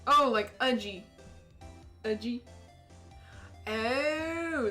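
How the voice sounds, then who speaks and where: A woman's voice: on the high side, drawn-out words, pushed and bright, soft background music. A young woman casually commenting while she plays a story game, giggling often and gushing over the characters. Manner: giggly, playful, gushing asides. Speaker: let's-play streamer. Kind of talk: casual game commentary, reading dialogue aloud.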